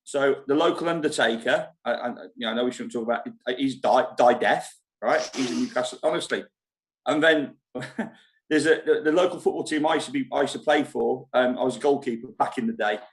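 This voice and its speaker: A man hosting a casual live-stream chat from a holiday park club foyer, talking in a rambling way and laughing easily. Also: medium pitch. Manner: chatty, rambling, quick to laugh. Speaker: show host at a holiday park.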